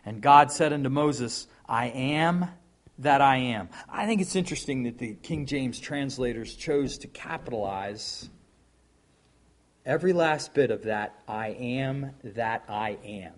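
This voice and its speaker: A man preaching a sermon. He reads scripture aloud and mixes in folksy, conversational asides. He swings from loud, emphatic declaiming to quiet remarks. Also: medium pitch.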